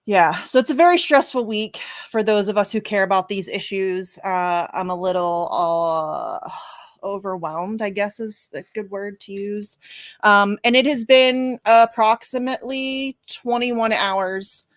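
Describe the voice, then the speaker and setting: A woman's voice: medium pitch, measured pace, no echo, clean studio sound. A woman hosting a casual livestream show, chatty and self-deprecating, a bit congested. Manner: chatty, self-deprecating, frequent fillers and laughs. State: congested from sneezing.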